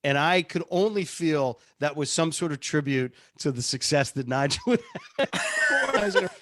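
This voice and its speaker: A man's voice: a little high, sing-song, a little slow, a bit bright. A man, a radio producer, telling stories casually in an interview, chatty and self-deprecating. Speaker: radio show producer and on-air personality.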